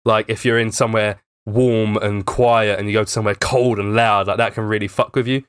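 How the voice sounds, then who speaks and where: A man's voice: on the low side, level tone, brisk, a bit bright, smooth, no echo, clean studio sound. A young man in casual podcast chat, rambling through a story with plenty of fillers and swearing.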